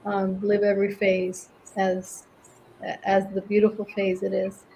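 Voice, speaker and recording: A woman's voice: medium pitch, monotone, a little slow, slight background noise, low-quality recording. Reflective woman from Venezuela. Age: middle-aged. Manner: reflective, gentle, laughs often. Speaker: guest, cancer survivor and author. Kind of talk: interview conversation.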